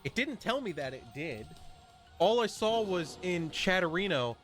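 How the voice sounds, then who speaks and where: A man's voice: sits high, very animated, a little slow, a bit bright, soft background music. A man streaming a video game, chatting casually and ranting with a rambling, swearing delivery. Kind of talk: casual chat while streaming.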